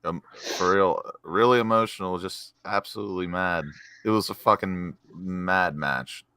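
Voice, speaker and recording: A man giving blunt, sweary thoughts in an excited fan chat after a match. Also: low-pitched, measured pace, clear, resonant tone, no echo, clean studio sound. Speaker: fan panel guest.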